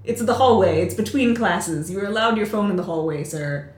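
A woman's voice: medium pitch, a little fast. A young woman co-hosting a casual film chat, thinking aloud and trailing off into asides. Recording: echoey room.

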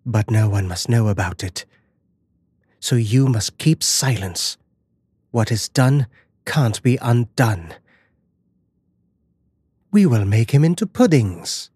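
A man's voice: medium pitch, animated, slow pace, long pauses, darkish tone, slightly rough, no echo, studio quality. A man voicing a cold, scheming middle-aged stepmother in a storybook reading, clipped and falsely breezy. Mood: curt.

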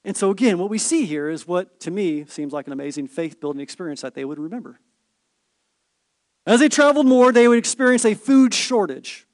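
Pastor, man, high and very animated delivery, playful preaching with rhetorical questions. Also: fairly quick, no room sound, clean studio sound. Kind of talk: sermon.

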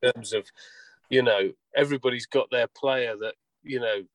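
A man hosting a casual chat, nodding along with frequent agreement before steering the talk on. His mid-pitched voice sounds dry and close, with no room around it. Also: brisk, no echo, poor audio. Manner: affirming, lots of "yeah", rambling questions. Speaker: podcast host.

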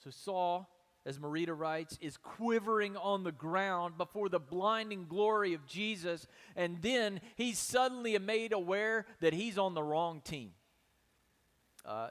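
A man preaches a sermon as pastor, his voice pitched notably high for a man. He drives his points with rhetorical questions and moves between hushed and forceful delivery. The sound carries a long reverb from a large hall. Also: measured pace. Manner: emphatic preaching, many rhetorical questions, shifts between soft and loud.

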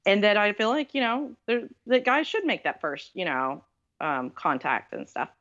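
A woman's voice: mid-range voice, animated, moderate pace, a bit bright, muffled recording. A woman from the American South, an author, telling dating stories in a casual, self-deprecating way with many fillers. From Southern US, Texas. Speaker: author guest. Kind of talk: casual storytelling interview.

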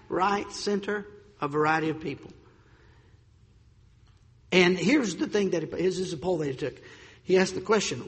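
A male preacher with a high-pitched voice delivers a sermon in an emphatic, deliberate way, drawing out the words he wants to land. He sometimes trips over a word and restarts. His voice rings out in a long hall reverb. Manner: emphatic, slows for stressed points, stumbles on words.

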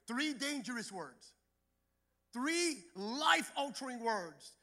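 A male pastor preaching a sermon, building to shouted, rhythmic repetition. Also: extremely high pitch, animated, normal speed.

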